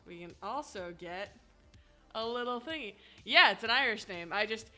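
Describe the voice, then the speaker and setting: A woman's voice: fairly high pitch, lively intonation, normal speed, sharp tone, soft background music. A woman streaming a video game with chatty, laughing commentary and swearing asides, on a desk mic. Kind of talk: casual gaming commentary. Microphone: headphones and desk mic.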